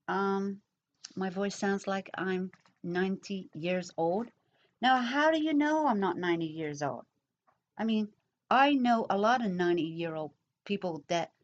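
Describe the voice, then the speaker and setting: A middle-aged woman chatting casually as she answers comments, talking slowly and rambling with pauses and fillers. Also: medium pitch, dull audio. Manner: slow, rambling, pausing, with many fillers. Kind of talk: casual chat.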